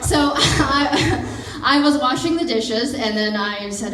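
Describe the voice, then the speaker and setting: A woman, telling an animated, self-mocking stand-up story. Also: high voice, slow, a little hiss or hum. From Mississippi, USA. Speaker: stand-up comedian. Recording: roomy, from far off.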